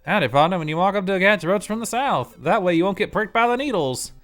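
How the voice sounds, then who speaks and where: Folksy cowboy drawl, man putting on a Western townsman, a touch higher, lively swings. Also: fast, faint music behind. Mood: friendly.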